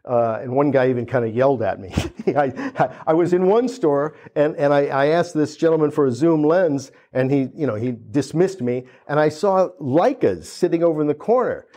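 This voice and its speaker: A man's voice: a little high, expressive, normal speed, few pauses, mellow. A man in his fifties from the United States telling a funny story at a gallery opening, acting out the people he quotes, with many restarts. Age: 50s. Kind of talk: storytelling talk.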